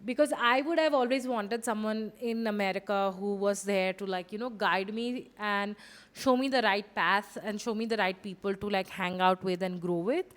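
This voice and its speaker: A young woman from India, a podcast co-host and former international student, talking in an emphatic, opinionated way. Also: mid-range voice. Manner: opinionated, emphatic, rapid asides. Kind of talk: casual podcast chat.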